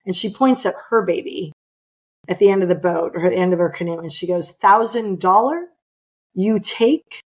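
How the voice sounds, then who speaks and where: A woman's voice: fairly low pitch, fairly quick, warm tone, muffled recording. A middle-aged woman from California, a podcast guest telling a personal story with emphatic, impassioned delivery. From California, USA.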